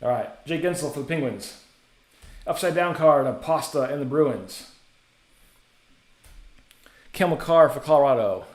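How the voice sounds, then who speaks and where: A man's voice: medium pitch, lively intonation, moderate pace, long pauses. Male card-break host, casual rattling delivery, echoey room. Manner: casual, chatty, rattles off names. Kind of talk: live card-break commentary.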